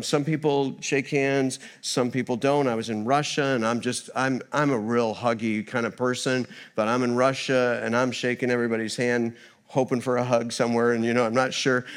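A man preaching a sermon in a church as a guest speaker, a former missionary who tells funny stories in an animated way. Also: mid-range voice. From United States. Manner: storytelling, humorous and animated.

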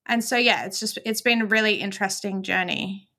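A woman talking as a podcast guest, relaxed and reflective, laughing easily. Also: medium pitch, brisk. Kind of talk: casual conversation.

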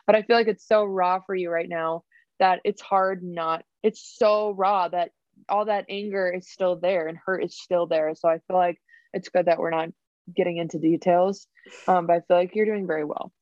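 A young woman co-hosting a podcast in casual chat, talking with many fillers and pausing to search for words. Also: fairly low pitch, fairly even intonation, darkish tone, no room sound, highs cut off. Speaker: podcast co-host.

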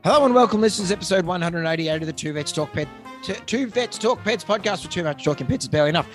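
High-voiced Australian man cracking jokes. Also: lively intonation, soft background music. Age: middle-aged. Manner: jokey, quick banter. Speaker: podcast co-host, vet. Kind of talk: casual chat.

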